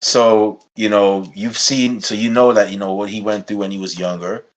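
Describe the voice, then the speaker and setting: Animated male podcast host, casual. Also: fairly low pitch, normal speed. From Guyana. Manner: animated, laughing while putting on a playful accent. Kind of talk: casual interview chat.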